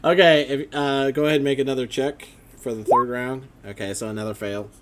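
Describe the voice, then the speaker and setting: A man's voice: mid-range voice, fairly even intonation, fairly quick. A man running a tabletop game as dungeon master, laughing and stammering as he narrates.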